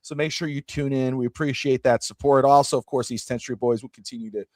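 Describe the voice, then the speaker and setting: A man hosting a sports podcast in casual chat, rambling and animated as he drifts into side comments. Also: mid-range voice, fast, dry recording, clean studio sound. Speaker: podcast host.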